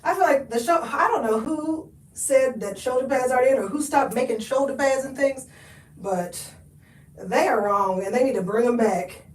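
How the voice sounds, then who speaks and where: Speaking at a moderate pace in a high voice, a woman hosts a live thrift try-on, chatting folksy with viewers, laughing, and calling them honey and y'all. She's winded and often moves away from the camera mic, so she sounds distant and off-mic in an echoey room.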